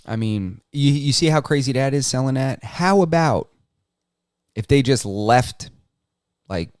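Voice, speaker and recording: A man co-hosts a podcast in a loose, rambling way, restarting his sentences and swearing casually. His voice is smooth and resonant. The recording is dry and close, with no room sound. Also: medium pitch, animated, unhurried, a little mellow, no room sound. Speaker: podcast co-host. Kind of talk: casual chat.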